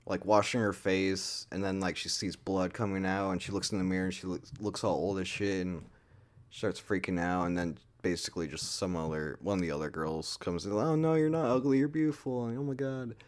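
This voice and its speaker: A man's voice: sits low, level tone, brisk. A man giving a casual, rambling movie review, full of swearing and filler words.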